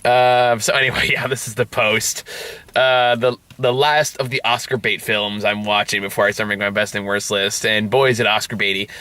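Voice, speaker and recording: A man's voice: on the low side, fairly even intonation, normal speed, sharp tone. A man reviewing a film in loose casual chat, rambling and swearing freely. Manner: loose and profane, rambling asides.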